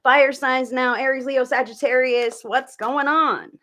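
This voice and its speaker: A woman's voice: high voice, steady tone, measured pace, fairly bright tone. Chatty woman giving a live tarot reading. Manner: chatty, swearing, talks to viewers by name. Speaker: tarot reader hosting a live stream. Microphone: desk mic, turns away from it at times.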